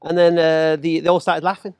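A man, telling stories as a podcast guest, animated and laughing as he acts out other voices. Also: fairly high pitch, brisk, clean tone, dry recording. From England. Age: 40s. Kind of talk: casual storytelling chat.

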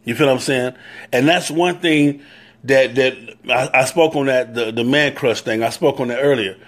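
A man's voice: medium pitch, moderate pace, fairly bright tone. Earnest man preaching to stream viewers. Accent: Southern US. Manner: preachy, repetitive, greets viewers by name. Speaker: motorcycle club leader. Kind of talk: live-stream talk to viewers.

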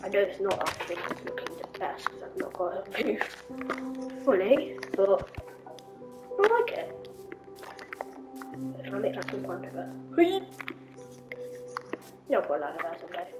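A woman's voice: mid-range voice, moderate pace, long pauses. A woman hosting her gaming channel, rambling to herself during play-along commentary and now and then dropping into whispers. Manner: rambling self-talk, dipping into whispers. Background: loud game music.

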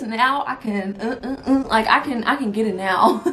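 A woman's voice: high-pitched, big pitch swings, moderate pace, bright, forceful tone, slight background noise. A woman in her twenties chatting casually to camera as a vlogger, laughing often and swearing freely. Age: 20s. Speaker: vlogger reacting to old videos.

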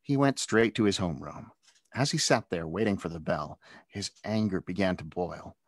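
Deep-voiced man reading a story aloud. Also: animated, moderate pace, dry recording, studio quality. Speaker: author reading his own book. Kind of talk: storybook read-aloud narration.

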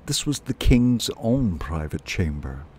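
A man reading a children's novel aloud in a slow, measured way, as a storyteller. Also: low voice, big pitch swings, a little mellow, slight background noise.

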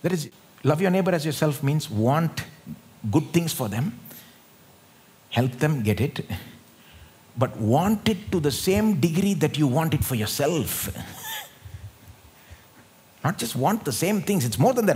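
A man with an Indian English accent preaching a sermon in church, animated, asking rhetorical questions and laughing often. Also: on the high side, measured pace, long pauses. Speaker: pastor.

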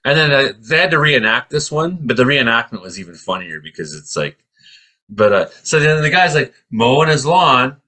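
A middle-aged man from Canada, co-hosting a casual chat and telling stories in an animated way with acted-out voices. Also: medium pitch, moderate pace. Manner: animated storyteller, acts out voices. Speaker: co-host.

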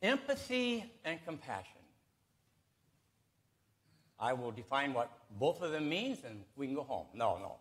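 A man pastor giving a folksy sermon, telling a joke and explaining ideas with pauses and emphasis. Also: mid-range voice. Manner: folksy, lively storytelling with pauses. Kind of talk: sermon with jokes. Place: church sanctuary.

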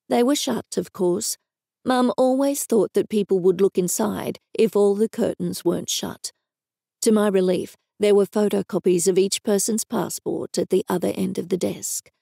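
An Australian woman narrating a story in first person on a close microphone, in a wry, even manner. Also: mid-range voice, gravelly, no room sound. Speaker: audiobook narrator.

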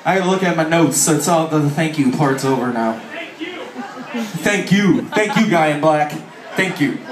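A high-voiced man rants and jokes at a live festival crowd, swearing freely and slipping into mock voices. The sound rings around a roomy venue, and the mic catches him from a little way off over faint crowd noise. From Chicago area. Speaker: author speaking at a music festival. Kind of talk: profane comic stage talk to a crowd. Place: festival stage at a bar venue. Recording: echoey live venue, mic heard from a distance.

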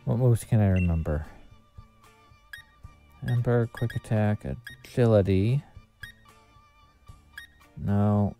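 A man streaming a video game, chatting casually and muttering asides to himself with quick bursts of cheer. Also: on the low side, warm tone. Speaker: VTuber streamer. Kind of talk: casual gameplay commentary. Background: faint background music.

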